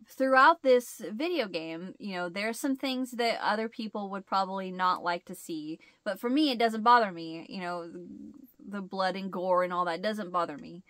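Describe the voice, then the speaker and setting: A woman's voice: medium pitch, bright, forceful tone, dry recording. A woman hosting a casual chat, rambling and laughing often, with a stuffed-up nasal sound. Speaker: host.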